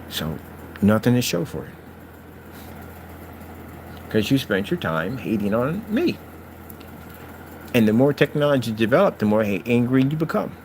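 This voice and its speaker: A man taunts his detractors in a loose, unscripted channel rant, preaching and mocking by turns. His pitch swings widely from low grumbles to high jeers. A faint noise sits under the recording. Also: darkish tone. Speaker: channel host. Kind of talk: ranting vlog talk to critics.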